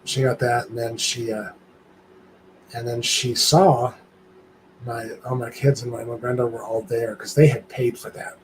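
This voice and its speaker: An older man, a guest on a live stream, chatting casually and telling an animated story, acting out the voices of the people in it. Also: medium pitch, normal speed, slight background noise, poor audio.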